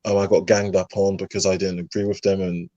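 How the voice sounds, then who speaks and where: A man's voice: deep voice, flat delivery, fast, mellow, no echo, muffled recording. A young man from England with a London accent, chatting earnestly as a guest with frequent fillers. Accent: London English. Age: young adult. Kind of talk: casual chat.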